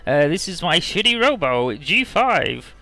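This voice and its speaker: Man doing a gloating cyborg villain, cackling evil laugh, bright loud voice, a bit raised, faint game music behind. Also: a little high, very animated, a little slow, voice pushed up, full character voice.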